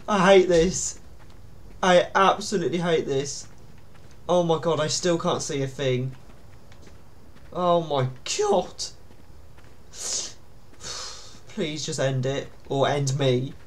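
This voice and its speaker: A man's voice: on the high side, takes it slowly, pauses often, slight background noise. A young man, commenting on a horror game in a panicky, pleading way, with yelps and nervous laughs. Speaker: gaming YouTuber.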